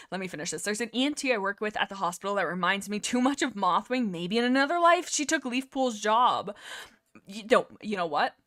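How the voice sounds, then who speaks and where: A woman's voice: mid-range voice, pushed and bright. A young woman hosting a livestream in casual chat, rambling and easily sidetracked, often stopping to read out and answer chat messages. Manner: rambling, easily distracted, reads chat aloud. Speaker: livestream host.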